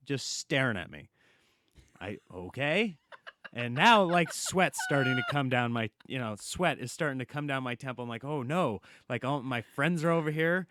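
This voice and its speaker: A man, a comedian guest on a podcast, telling a long story in a lively, casual way and acting out the quotes. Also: a little high, normal speed. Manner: animated storyteller, acts out quotes, laughs often.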